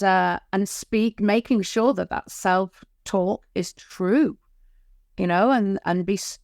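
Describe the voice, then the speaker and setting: A woman's voice: medium pitch, no echo, studio quality. A woman co-hosting a spiritual wellness podcast, a nurse by work, speaking earnestly and reflectively in unscripted chat. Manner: earnest, reflective, many fillers.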